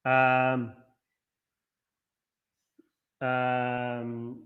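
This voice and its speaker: A man's voice: mid-range voice, monotone, drawn-out words, smooth, narrow, tinny audio. A man hosting a live football watchalong stream. He chats casually with viewers and keeps singing playful chant parodies.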